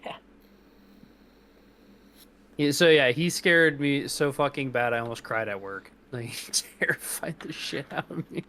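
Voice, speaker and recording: A man's voice: medium pitch, measured pace, pauses often, bright, forceful tone. A young man in his twenties co-hosting a casual podcast, telling stories loosely with lots of swearing and laughter. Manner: loose, profane, laughing storyteller. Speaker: podcast co-host. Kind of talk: casual chat.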